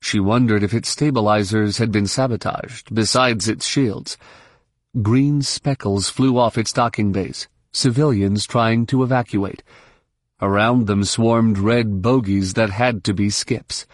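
Steady male audiobook narrator, dry sound. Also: fairly low pitch, no room sound. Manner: steady, measured storytelling. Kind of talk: scripted narration.

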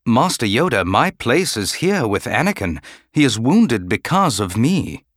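A man voicing a troubled warrior-monk weighed down by grief and guilt, speaking in a respectful, restrained, quietly pleading way. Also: mid-range voice, big pitch swings, unhurried, no echo, studio quality.

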